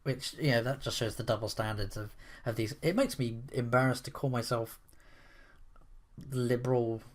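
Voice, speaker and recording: A man's voice: medium pitch, steady tone, normal speed. A man giving opinionated commentary in a rambling, sarcastic way, full of restarts and asides. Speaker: commentary vlogger.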